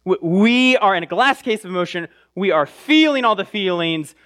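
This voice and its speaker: Animated chatty male preacher. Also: high-pitched, normal speed. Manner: conversational, often asks the crowd "right?"; animated, with frequent restarts. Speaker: pastor. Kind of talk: sermon.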